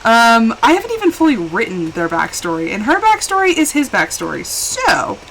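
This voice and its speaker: A woman chatting casually while live-streaming a game, rambling and quick to laugh, switching between hushed asides and excited bursts. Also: on the high side, a little hiss or hum, low-quality recording.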